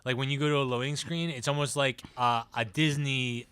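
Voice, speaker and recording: A man co-hosting a podcast in casual chat, animated and slipping into silly voices to mimic characters. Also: mid-range voice, a little fast, clear, resonant tone, no echo. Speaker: podcast co-host.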